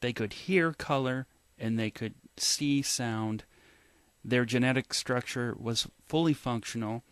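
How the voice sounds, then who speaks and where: A man hosts a radio interview, reading his questions in a measured way and filling gaps with short agreements. His voice sits in a middle pitch. The recording is dry, with no room echo. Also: fairly bright tone, smooth. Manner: reads prepared questions, brief affirmations. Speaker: radio host.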